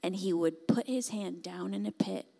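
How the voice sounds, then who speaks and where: Woman preacher, sermon, impassioned, swings from shouting to soft pleading, mid-pitched voice. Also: moderate pace, creaky. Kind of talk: sermon with altar call.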